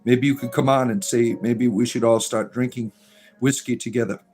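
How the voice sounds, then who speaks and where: A man's voice: mid-range voice, fairly even intonation, normal speed, darkish tone. A middle-aged man hosting a casual livestream, reading viewer comments aloud and rambling with many fillers. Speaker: livestream host reading chat.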